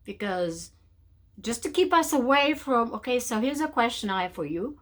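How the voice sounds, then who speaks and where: A woman hosting a spiritual talk show, speaking in an animated way to her viewers and often calling them darling. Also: fairly high pitch, moderate pace. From from outside North America. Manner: animated, mocking voices of naysayers, calls listener darling. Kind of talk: motivational talk to camera.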